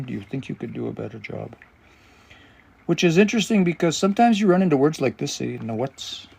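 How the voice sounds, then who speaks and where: A man leads a live language lesson, his voice gravelly with fry. He talks things through out loud, stopping now and then to find the right word while he explains the grammar. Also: medium pitch, sing-song, a little fast. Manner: thinking aloud, explanatory, searching for words. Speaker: language teacher and livestream host.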